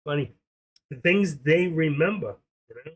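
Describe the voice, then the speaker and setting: A man's voice: a little high, lively intonation, normal speed. An older man hosting a trading livestream, chatting in a casual, rambling, jokey way.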